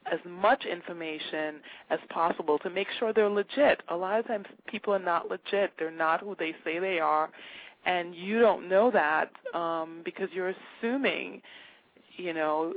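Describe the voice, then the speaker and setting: A woman from Trinidad, a guest on an interview, talks in a casual, animated way and acts out the voices of the people in her stories. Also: lowish voice. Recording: tinny phone line.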